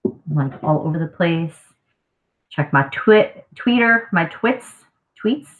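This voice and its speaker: A woman's voice: on the low side, expressive, takes it slowly. A woman history teacher with a scratchy throat, giving a casual, conversational live review lesson. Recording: tinny phone-like audio.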